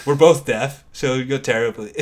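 A man in his twenties co-hosting a podcast in casual chat, rambling into tangents and laughing between stories. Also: medium pitch. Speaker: podcast co-host.

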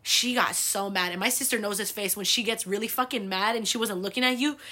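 Bright-voiced young woman telling stories. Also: mid-range voice, a little fast. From United States. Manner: chatty, swears freely, lots of fillers. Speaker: host. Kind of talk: casual storytelling monologue.

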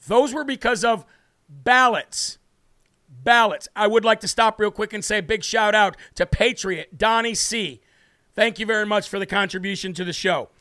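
A man's voice: sits high, sharp tone, dry recording, clean studio sound. A man from the United States hosting a political livestream in a brash, emphatic way, reading out viewer comments and hammering key words. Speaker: host of a political livestream show. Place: home studio with a city view behind him.

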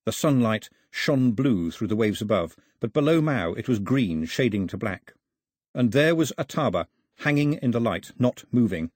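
A man narrates an audiobook in a husky, expressive voice. His pitch rises and falls with the action, and the recording is close and dry. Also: moderate pace, no echo. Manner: expressive storytelling.

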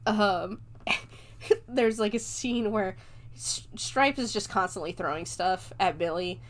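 A woman's voice: medium pitch, slow. Chatty woman recapping a movie. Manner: chatty, heavy on "like" fillers, laughs often. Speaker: movie reviewer. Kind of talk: casual movie recap to camera.

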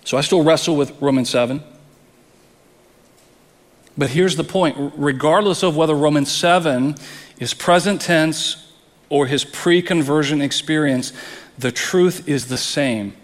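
A man's voice: on the high side, unhurried, long pauses, long reverb tail. A man preaching a sermon as pastor, earnest, often repeating words as he presses a point.

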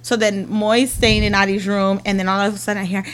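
A woman, casually chatting as a podcast co-host and telling lively family stories. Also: on the high side, fairly quick, hardly any pauses. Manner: animated storyteller, acts out her kids' voices. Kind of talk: casual chat.

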